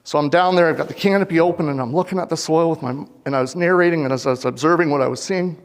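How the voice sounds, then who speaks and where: An earnest man from Canada gives a farmer's talk to a hall, putting questions directly to the crowd. His voice runs fairly high for a man. A long hall reverb trails behind each phrase from his lapel mic. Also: rapid-fire. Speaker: farmer giving a conference talk. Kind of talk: public presentation. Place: conference hall.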